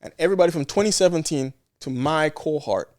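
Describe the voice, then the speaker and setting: Animated man telling a story. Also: a little high, quick pace. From Canada. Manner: animated, acts out quoted exchanges with frequent restarts. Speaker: podcast guest, nurse. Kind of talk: casual storytelling chat.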